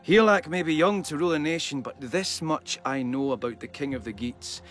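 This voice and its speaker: A man reading the part of a bold young warrior hero, speaking in a measured, formal and proud way in a dramatic reading of epic verse. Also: a little high, fairly bright tone, faint music behind, natural voice. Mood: solemn.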